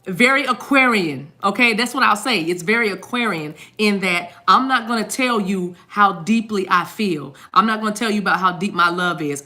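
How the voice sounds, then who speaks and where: Bright-voiced chatty woman reader. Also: medium pitch. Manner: chatty, rambling, repeats words, sings snatches of songs. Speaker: tarot card reader. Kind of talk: casual tarot reading monologue.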